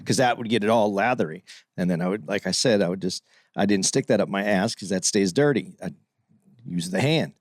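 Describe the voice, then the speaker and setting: A man co-hosting a podcast in casual chat, rambling and halting through his stories. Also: lowish voice, dry recording, studio quality. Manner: rambling, halting, with many fillers and restarts. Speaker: podcast co-host.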